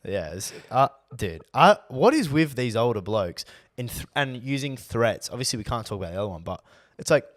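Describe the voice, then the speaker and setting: A man's voice: mid-range voice, very animated, a little fast, few pauses, no echo, clean studio sound. A young man with an Australian accent, co-hosting a podcast in a rambling, chatty way full of filler words. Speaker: podcast co-host. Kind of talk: casual chat.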